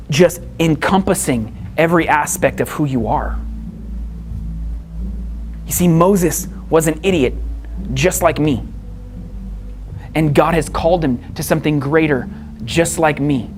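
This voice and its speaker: A male pastor preaching a sermon with animated, emphatic storytelling. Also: fairly high pitch, a little hiss or hum.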